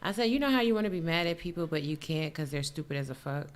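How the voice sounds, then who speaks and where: A woman's voice: sits low, expressive, fast. A woman with a New York accent co-hosting a chat show, brash, profane and boastful in casual talk. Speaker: podcast co-host.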